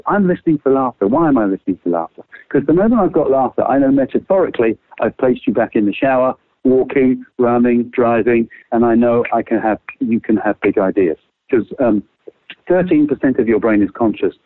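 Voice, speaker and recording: Male creativity trainer, lively and casual, dry phone-quality sound. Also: no echo. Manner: lively, swings pitch widely, casual swearing. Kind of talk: animated explaining with quick exercises.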